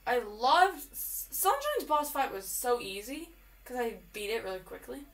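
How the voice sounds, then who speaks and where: Excitable, chatty woman gamer. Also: a little high, a little slow, distant mic. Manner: chatty, excitable, repeats words. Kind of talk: live game commentary.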